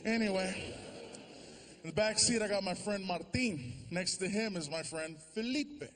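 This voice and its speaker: A man's voice: high-pitched, expressive, moderate pace. A man doing stand-up comedy on stage, telling a long story and acting out the voices of the people in it. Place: large theater before a live audience. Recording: live show with loud crowd noise.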